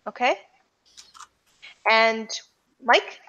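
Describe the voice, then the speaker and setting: A woman's voice: on the high side, extremely slow, sharp tone, dull audio, a little hiss or hum. A woman narrating a tabletop game as game master, in a loose, filler-heavy way with frequent restarts.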